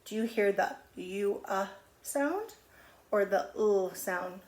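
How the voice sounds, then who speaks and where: Woman teacher sounding out letters slowly. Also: mid-range voice, darkish tone. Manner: slow, drawn-out sounding of letters. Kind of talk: phonics lesson on video. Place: home. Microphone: camera on video.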